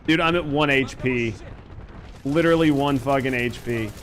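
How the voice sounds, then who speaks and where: A man's voice: medium pitch, moderate pace, fairly bright tone, slight background noise. Profane joking male game streamer. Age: 30s. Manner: profane, joking, reads chat aloud while playing. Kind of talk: casual gaming stream chat.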